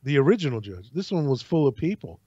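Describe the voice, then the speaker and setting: A man casually telling a long personal story on a podcast, acting out other people's lines in an animated way. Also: medium pitch, fast talker, husky, no room sound. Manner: animated, acts out voices in anecdotes. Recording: dry, slightly dull sound.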